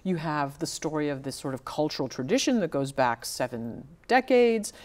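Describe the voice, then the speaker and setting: A woman with a notably low voice talks about her writing in a relaxed interview. She is reflective and unhurried in thought, pausing and restarting as she searches for the right words, with a grounded conversational delivery. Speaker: novelist guest.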